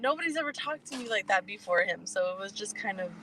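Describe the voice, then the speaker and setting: Casting: woman, bright edgy voice, sassy cussing co-host, faint noise behind. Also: medium pitch, steady tone, fast, rough recording. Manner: sassy, profane, teasing. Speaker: podcast co-host. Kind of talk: casual chat.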